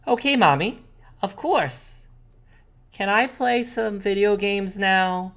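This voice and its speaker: A man's voice: takes it slowly, fairly bright tone, exaggerated voice. Man doing a whiny little gamer girl. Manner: high childish pleading voice. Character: little girl, cheerful pushy gamer sister.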